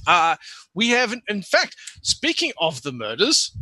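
A man voicing a polite, flustered male official in a tabletop game, speaking formally with many halting restarts. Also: high voice, wildly swooping pitch, pushed and bright, no room sound, heavily acted.

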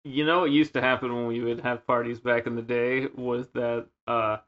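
On a podcast he co-hosts, a man with a medium-pitched voice spins party stories in casual chat, speaking at a normal speed. He's an animated storyteller who acts out his friends' lines. The audio has its highs cut off.

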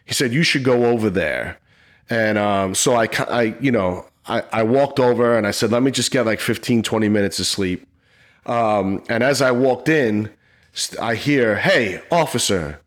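A middle-aged man, a retired police officer, telling a personal story in an interview in an earnest, emotional, halting way. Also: mid-range voice.

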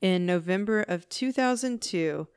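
A woman's voice: mid-range voice, animated, unhurried, a little mellow, clean tone, no room sound, clean studio sound. A woman hosting a podcast, telling a true-crime case in a casual, chatty way with wry asides and swearing. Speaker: podcast host.

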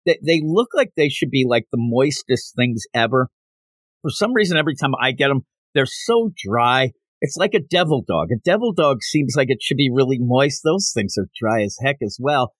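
A man's voice: mid-range voice, very animated, moderate pace, dry recording. A man hosting a podcast in a casual solo recap, chatty and digressive, laughing as he goes and acting out quotes. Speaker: podcast host.

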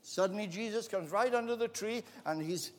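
Preacher with dramatic storytelling. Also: male voice, high-pitched, moderate pace. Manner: dramatic storytelling, acting out voices, building to shouts. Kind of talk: sermon. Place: auditorium. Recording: long hall reverb.

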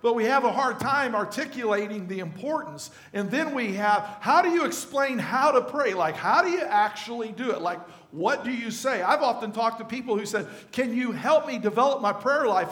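A man's voice: extremely high pitch, animated, moderate pace, few pauses, fairly bright tone, echoey room. A male pastor giving a conversational sermon to his congregation, often asking them questions. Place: church sanctuary.

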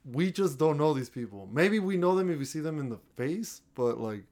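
A man's voice: fairly high pitch, expressive, moderate pace, darkish tone. A young man in casual chat, laid-back with dry, teasing remarks. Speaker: co-host.

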